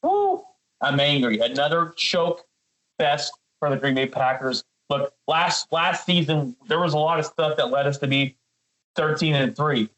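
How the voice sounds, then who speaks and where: A man's voice: fairly high pitch, moderate pace, a bit bright, poor audio. Fired-up man ranting about football. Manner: fired up, ranting, repeats words; addresses his co-host by name often. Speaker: podcast co-host. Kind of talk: heated sports talk.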